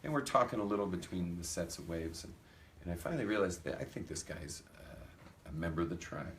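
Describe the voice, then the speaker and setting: A rabbi from the US, his voice low and a little fast with some hiss or hum in the recording. His talk is a string of funny anecdotes for a live crowd, told animatedly with the dialogue acted out.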